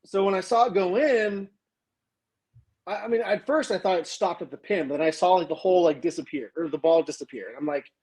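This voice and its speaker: A man guest on a golf talk stream, telling a story in an excited, rambling way full of fillers. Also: high voice, brisk, slightly rough, low-quality recording. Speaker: guest golfer. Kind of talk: casual chat, storytelling. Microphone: remote stream mic.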